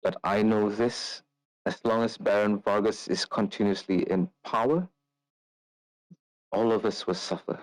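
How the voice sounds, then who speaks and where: An ailing old noblewoman, shrewd and secretive, pleads in formal, measured phrases, as a man with a low voice puts her on a few steps above his own. She has little strength left, but she is resolute. The recording is close and dry. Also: steady tone, no echo, natural voice, low-quality recording. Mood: grave. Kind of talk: tabletop role-play.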